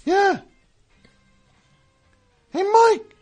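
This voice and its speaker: In a radio studio comedy bit, a man voices a recurring character: a hacky, touchy male squirrel comic who tells corny jokes and grumbles self-pityingly. The full character voice is very high-pitched, extremely slow and darkish in tone, with faint music behind and a wisecracking mood.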